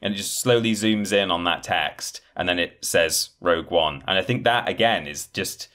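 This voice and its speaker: A man co-hosting a casual podcast, retelling things in a rambling, animated way and acting out quotes. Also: sits low, moderate pace. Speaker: podcast co-host. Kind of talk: casual chat.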